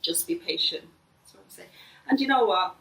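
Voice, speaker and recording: A middle-aged woman, the host's mother, talking gently and earnestly in a casual family conversation. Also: lowish voice, lively intonation, fairly quick, vocal fry, far from the mic. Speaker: mother of the host. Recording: echoey room, voice a bit off-mic.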